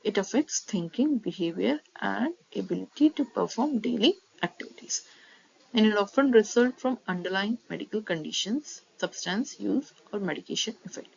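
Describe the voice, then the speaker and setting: A woman's voice: medium pitch, lively intonation, creaky, breathy edge. Woman reading nursing lecture notes. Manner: reads terms steadily, then re-explains them quickly in Hindi-English mix. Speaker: nursing teacher. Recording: slightly dull audio with faint noise.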